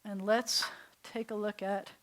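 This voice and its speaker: A woman's voice: mid-range voice, level tone, unhurried. A woman, a rabbi teaching a small class in a classroom, chatty and step by step, often putting questions to her students. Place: classroom with a small group seated.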